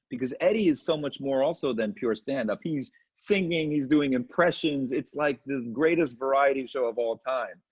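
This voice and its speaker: A middle-aged comedian telling lively stories in an interview, slipping into quick impressions. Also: male voice, medium pitch, breathy edge. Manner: animated anecdotes with quick impressions. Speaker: comedian guest. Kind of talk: storytelling interview chat. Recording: muffled lo-fi audio.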